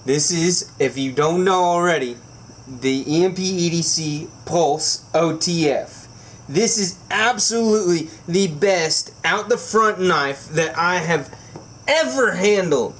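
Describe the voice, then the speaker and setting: A man unboxing a knife for his vlog, gushing and giggling, so excited he says it makes him emotional. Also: fairly high pitch, slight background noise. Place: indoors at home by candlelight.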